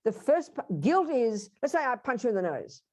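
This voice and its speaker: Animated, emphatic woman teaching a workshop. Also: fairly high pitch, moderate pace. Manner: emphatic, direct, addresses audience. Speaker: Buddhist teacher.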